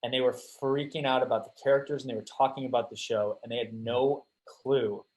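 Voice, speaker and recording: A young man, a guest actor, chatting casually on a podcast, telling animated stories, swearing freely and laughing often. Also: medium pitch, fairly quick, poor audio.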